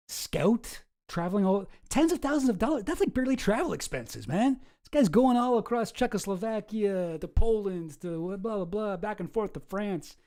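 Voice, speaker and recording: A man's voice: high voice, dark tone. A man hosting casual online commentary, wry and sarcastic as he reads through documents.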